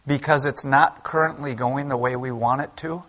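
A man's voice: medium pitch, steady tone, moderate pace, a bit bright. A man, a pastor, preaching a sermon in an earnest, conversational way at a church service. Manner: conversational, earnest preaching that acts out quoted speech.

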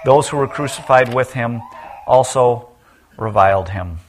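Unhurried, a man reads scripture as part of his sermon. The cries come out loud, while the key lines fall low and quiet.

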